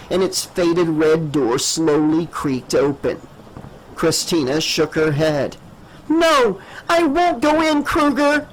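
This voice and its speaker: Male audiobook narrator, a bit high-voiced, measured and dramatic horror reading. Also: slight background noise, poor audio.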